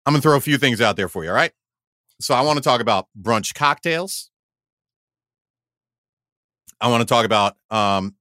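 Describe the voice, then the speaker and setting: A man co-hosts a podcast in a casual, chatty way, giving long explanations and frequently starting over. His mid-range voice sounds pushed and bright, and the clean studio recording has no echo.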